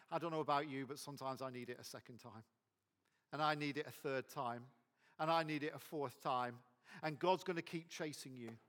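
A man's voice: a little high, big-room sound. A man preaching a sermon as pastor, emphatic and repetitive.

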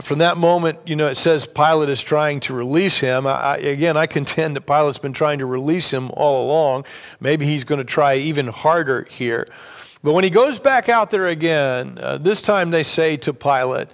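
A man's voice: a little high, vocal fry. A man preaching a sermon in a conversational way, reading scripture and explaining it with many fillers and restarts. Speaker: pastor.

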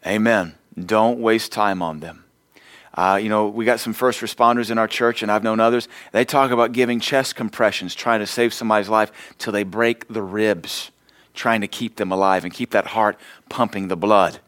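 A man's voice: lowish voice, fairly even intonation, moderate pace, a bit bright, dry recording. Emphatic male preacher. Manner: emphatic preaching with quoted scripture. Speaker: pastor. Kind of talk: sermon.

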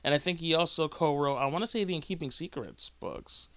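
A man hosting a podcast in a chatty, rambling way, often correcting himself as he goes. His voice is bright and crisp, a bit higher than most men's, recorded dry and close. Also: brisk, no room sound. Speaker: podcast host. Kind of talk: casual chat.

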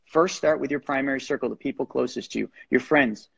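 An energetic, persuasive man coaching listeners like a preacher. His voice is gravelly and a bit husky. The sound is dry and lo-fi, as if it came over a remote call. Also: medium pitch, brisk, no room sound. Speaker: guest, real estate lender. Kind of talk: motivational coaching talk. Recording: dull lo-fi sound.

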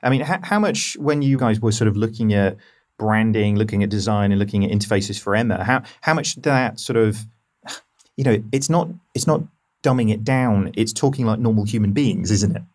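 Podcast host, man, lowish voice, chatty and quick with jokey asides. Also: darkish tone. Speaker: host, interviewer. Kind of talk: casual podcast chat.

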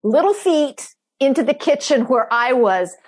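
A middle-aged woman hosts a relaxed podcast conversation, her voice a touch husky and pitched a little high. She tells stories in a chatty way, laughing often and mimicking what she once said. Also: a little slow. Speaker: podcast host. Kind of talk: casual chat.

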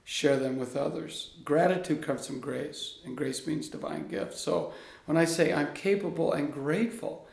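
A man guest in an interview, a coach speaking in an earnest, animated storytelling way. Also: a little high, normal speed, gravelly. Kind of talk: conversational interview. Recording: echoey room.

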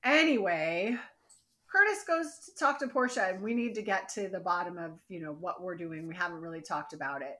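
A woman co-hosting a casual podcast, recapping episodes in an animated, exasperated way and acting out what the characters say. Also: medium pitch, moderate pace. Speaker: podcast co-host.

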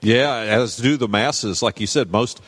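A man's voice: medium pitch, measured pace, fairly bright tone, slightly rough. A man hosting a podcast interview in a friendly, upbeat, conversational way. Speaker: podcast host. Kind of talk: casual interview.

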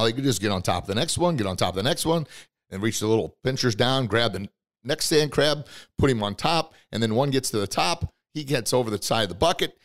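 A man hosting a podcast, giving a motivational talk with emphatic storytelling and acted-out quotes, swinging between loud bursts and quiet asides. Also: mid-range voice. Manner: storytelling, emphatic and preachy, acts out quoted characters. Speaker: podcast host and motivational speaker.

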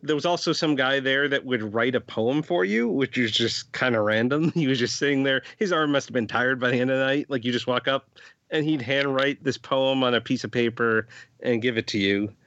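A man's voice: medium pitch, fairly bright tone, no room sound. A man co-hosts a podcast in a chatty, casual way, leaning heavily on fillers. His voice sits mid-range and comes through a dry, slightly muffled mic with no room sound. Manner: chatty, full of "like" and quick laughs. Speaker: podcast co-host. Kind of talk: casual chat.

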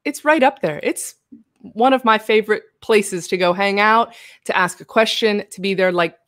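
A woman's voice: mid-range voice, normal speed, no room sound. Chatty American woman hosting, dry sound. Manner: chatty, laughs often, animated asides. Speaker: host. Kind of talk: casual livestream chat.

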